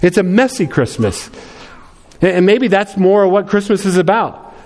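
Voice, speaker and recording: A man's voice: high voice, lively intonation, moderate pace, a little mellow. A man preaching a sermon to his congregation, conversational and full of restarts and repeated words. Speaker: pastor.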